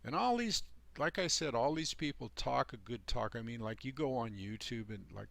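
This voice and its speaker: A man's voice: mid-range voice, expressive, normal speed, creaky, fairly bright tone, no room sound. A man hosting his own channel, delivering a rambling, preachy monologue in an emphatic, folksy way with sarcastic asides. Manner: emphatic and folksy, heavy on "you know" and "man". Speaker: channel host giving life advice.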